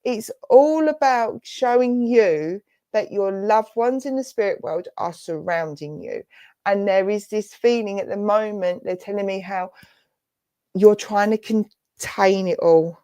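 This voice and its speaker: An English woman giving a gentle, reassuring clairvoyant reading as a spiritualist medium during an online church service. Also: mid-range voice, measured pace, dry recording. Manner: soft, reassuring, affectionate, addresses listener as darling and lovely.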